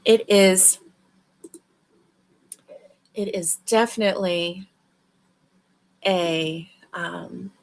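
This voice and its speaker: Woman, crochet livestream host, tired and yawning, chatty, unhurried. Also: lowish voice, steady tone, gravelly, a little hiss or hum. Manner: sleepy, chatty, warm greetings to viewers. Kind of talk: casual livestream chat. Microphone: livestream webcam mic.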